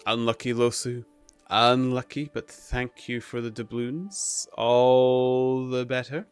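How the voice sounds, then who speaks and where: Relaxed streamer man chatting with chat. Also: medium pitch, slow pace, clear, resonant tone, faint music behind. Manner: relaxed, chuckling, chatting to viewers. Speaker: livestreamer. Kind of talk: casual live-stream chat.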